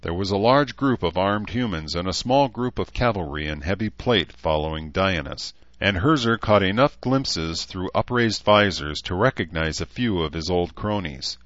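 A man narrating a story in a steady, even reading voice. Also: low-pitched, no room sound, highs cut off. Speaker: audiobook narrator. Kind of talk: scripted narration.

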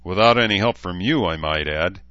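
A man voicing a sharp-tongued, busy woman healer who speaks acerbically. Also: low voice, moderate pace, no room sound, highs cut off. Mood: acerbic.

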